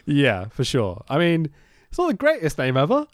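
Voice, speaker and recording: A man's voice: on the high side, huge pitch swings, moderate pace, no echo, clean studio sound. A young man hosting a casual podcast chat, talking animatedly, swearing and laughing often. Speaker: podcast host.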